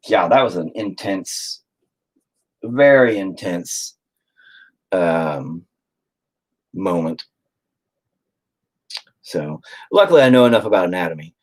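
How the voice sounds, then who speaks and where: A man's voice: deep voice, lively intonation, takes it slowly, long pauses, darkish tone. A man hosting a casual stream, telling a story to viewers in a rambling way and swearing freely. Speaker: stream host chatting with viewers.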